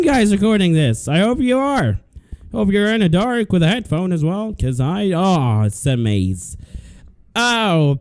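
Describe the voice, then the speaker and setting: A jittery man commentating a horror game in a high voice that leaps all over the place. He talks slowly and drawls between sudden yelps, chatting nervously to the monster and cursing under his breath. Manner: talks to the game's monster, swears and mutters to himself. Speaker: let's play gamer.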